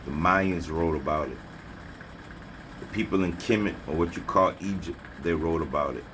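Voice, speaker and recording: A man's voice: sits low, moderate pace, noisy background. A man delivering a preachy motivational rant as a spiritual vlogger, scolding and taunting his listeners with repeated slogans. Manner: repeats slogans, mocking laughter.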